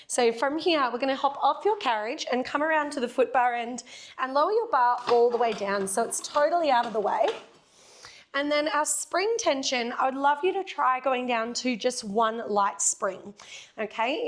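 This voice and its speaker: An Australian woman guides a Pilates class with brisk, encouraging cues and the odd playful joke. Her voice sits a little on the high side for a woman, and she sounds young and easygoing as she counts through the reps. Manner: upbeat coaching cues with playful jokes. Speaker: Pilates instructor. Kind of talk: guided workout instruction.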